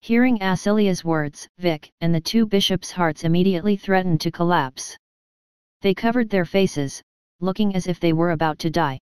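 A woman narrating an audiobook in a steady, even storytelling manner. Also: on the low side, smooth, dry recording. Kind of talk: scripted narration.

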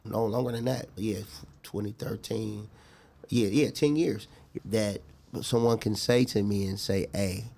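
A middle-aged man talking earnestly as a guest in a casual interview, reflective and quick to laugh. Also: lowish voice, dark tone.

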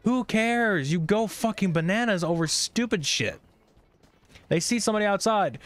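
A man's voice: high-pitched, animated, moderate pace, soft background music. A man streaming a video game, grumbling and swearing in a rambling, irritable running commentary. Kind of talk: casual gameplay streaming commentary.

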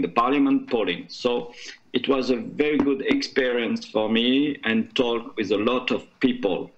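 A man from France with a French accent, speaking as a conference panelist in halting English, searching for words. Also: mid-range voice, dull audio. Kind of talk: panel discussion remarks.

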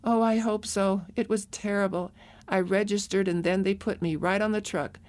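A woman's voice: mid-range voice, steady tone, moderate pace, a little mellow, natural voice. A woman voicing a grieving young mother held prisoner, speaking in distraught, pleading lines in an audiobook.

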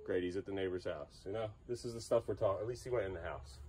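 A man's voice: low voice, quick pace, darkish tone, slight background noise. A man filming his kids at home for a vlog, laughing at them and scolding them in turn. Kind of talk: casual home vlog narration.

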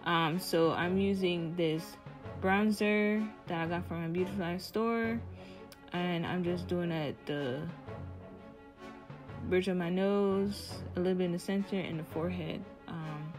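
A woman's voice: on the low side, unhurried, pitched below the performer's own voice, lightly acted. A young woman talking through her makeup in a put-on mock British accent, chatty and explanatory. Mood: playful. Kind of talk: casual makeup tutorial chat. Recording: music playing behind.

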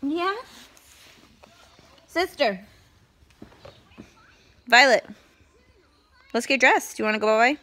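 A woman's voice: high-pitched, animated, slow, pauses often, bright, forceful tone. A young mother, playfully coaxing her toddler to say words in a casual home vlog. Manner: sing-song baby talk, playful and coaxing. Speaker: vlogger, mother.

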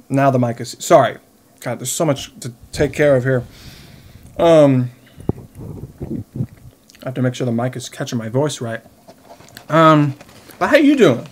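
A young man around twenty, a little tipsy, chatting and rambling to the camera while eating, laughing often. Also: medium pitch. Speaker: vlogger. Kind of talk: casual chat to camera.

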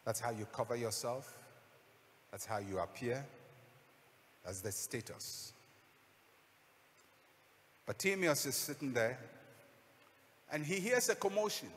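A man's voice: medium pitch, lively intonation, takes it slowly, pauses often, a bit bright, in a large hall, a little hiss or hum. A man preaching a sermon as a pastor, telling a story dramatically and acting out the voices.

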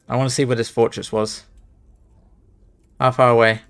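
A man's voice: mid-range voice, flat delivery, moderate pace, vocal fry, pauses often. A young man streaming, talking to himself as he plays a speedrun, muttering and exclaiming at the game. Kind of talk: live commentary while speedrunning a game.

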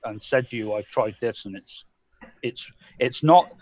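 A man's voice: medium pitch, unhurried, a little mellow. English guy rambling on a live stream, cusses a lot, kinda dull lo-fi sound. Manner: rambling, swears freely, acts out his own thoughts. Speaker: co-host. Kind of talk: casual live-stream chat.

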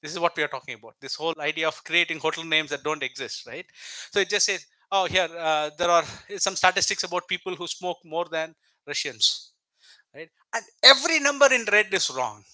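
A man's voice: fairly high pitch, fairly quick, pushed and bright, no room sound, poor audio. A man giving an explanatory lecture, walking through examples step by step and checking in with frequent tag questions. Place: lecture hall.

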